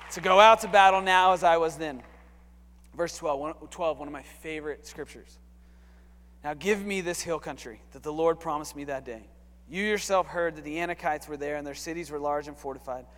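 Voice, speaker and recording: A high-voiced man preaches to his congregation. His delivery is animated, dropping to a hush and then climbing to shouts. The sound rings with the long reverb of a church hall. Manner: animated, swings from hushed to shouting. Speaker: pastor. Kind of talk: sermon. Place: church sanctuary.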